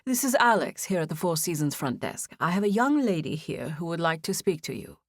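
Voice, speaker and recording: A polite young hotel clerk with a British accent, voiced by a woman reading an audiobook. He speaks in a measured, formal, professional way. The voice sits fairly low and sounds dry and close. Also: big pitch swings, no room sound.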